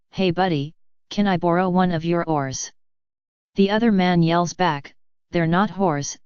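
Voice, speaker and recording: A woman narrating a series of jokes in an even, unhurried read-aloud manner. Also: fairly low pitch, clear, resonant tone, no echo, muffled recording. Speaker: joke reader. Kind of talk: scripted joke narration.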